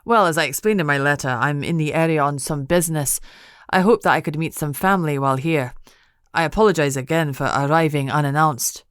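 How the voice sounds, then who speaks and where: A woman's voice: low voice, a little fast, clean tone, no room sound, clean studio sound, lightly acted. A woman narrator voicing a polite young husband who talks earnestly and stammers a little.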